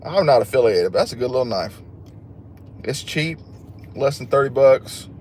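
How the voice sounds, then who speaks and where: Lively intonation marks this man's medium-pitched, somewhat mellow voice, delivered at normal speed with a touch of background noise. He hosts a casual livestream, reading viewer comments, chatting, and laughing at himself as he jokes.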